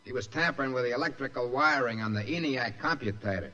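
An actor playing a plain-spoken security guard giving matter-of-fact testimony, in 1940s radio acting. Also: male voice, medium pitch, fast talker, bright, forceful tone, natural voice. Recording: muffled old radio recording.

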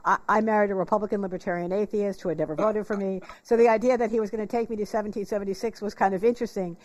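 A woman's voice: medium pitch, fairly even intonation, racing, darkish tone. Earnest, emotional woman host. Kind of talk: interview conversation.

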